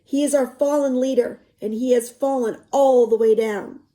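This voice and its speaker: A woman reading a novel aloud, pausing to explain passages in softer asides. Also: a little high, steady tone, rough recording.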